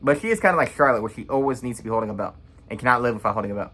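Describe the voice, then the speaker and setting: Casting note: young man, bright forceful tone, blunt rambling reaction vlogger. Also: mid-range voice, lively intonation, husky. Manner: blunt, rambling, quick to judge. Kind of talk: casual opinionated recap.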